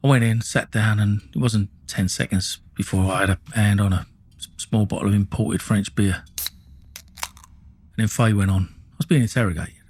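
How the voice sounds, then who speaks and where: Middle-aged Essex man, low husky voice, blunt sweary storyteller. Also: fairly even intonation, moderate pace, darkish tone. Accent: Essex English. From England. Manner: blunt, sweary, with many restarts and "you know what I mean". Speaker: storyteller recounting his life. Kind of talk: casual spoken storytelling.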